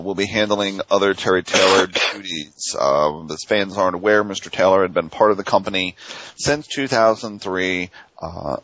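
A man's voice: deep voice, a bit bright, dry recording, lo-fi sound. A man hosting a casual wrestling talk show, asking rambling questions full of fillers. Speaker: podcast host.

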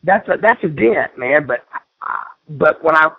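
A man's voice: on the high side, lively intonation, unhurried, slightly rough. A man, a former pro wrestler, telling stories from his career as an interview guest, rambling and repeating words as he goes. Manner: rambling, repeats words, acts out quoted voices. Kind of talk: casual storytelling in an interview. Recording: tinny phone-like radio line.

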